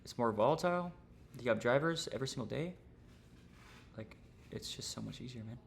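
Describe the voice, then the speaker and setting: A young man with a gravelly, fry-heavy voice talks through a trading lesson on his stream. He is casual and rambling, full of slang and fillers. A faint hiss of noise sits under the recording. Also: mid-range voice, expressive, a little fast.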